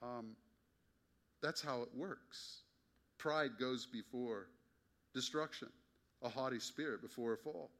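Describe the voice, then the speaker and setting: A pastor delivering a Sunday sermon in a bright, ringing voice at an ordinary male pitch. He drives his points with emphasis and leans on wry, pointed rhetorical questions to the congregation. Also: takes it slowly, long pauses.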